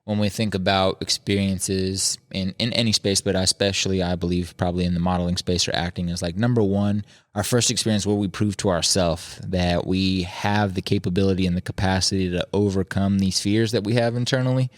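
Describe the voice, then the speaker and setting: A lower-pitched man hosts a casual podcast conversation, recorded dry and close with no room sound. He tells anecdotes with energy and jumps into high, playful voices when he quotes people. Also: brisk, hardly any pauses, dry recording. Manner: animated storyteller, acts out quotes in high voices. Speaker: podcast host. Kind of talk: casual interview chat.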